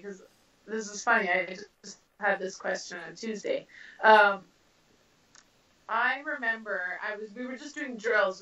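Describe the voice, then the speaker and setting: A woman from Canada, a professional boxer, answering interview questions in a casual, animated way with many fillers. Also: mid-range voice. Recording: roomy, distant, dull sound.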